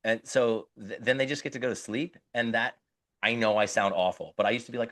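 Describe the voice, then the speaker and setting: A man's voice: mid-range voice, fairly even intonation, fairly quick, fairly bright tone, no echo. A middle-aged man co-hosting a podcast, talking earnestly and often restarting while he searches for words. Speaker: podcast co-host. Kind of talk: casual podcast conversation.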